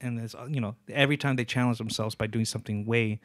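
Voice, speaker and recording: A man's voice: medium pitch, fairly even intonation, quick pace, dry recording, studio quality. A man co-hosting a podcast, chatting casually and eagerly explaining music to his friend. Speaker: podcast co-host. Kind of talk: casual chat.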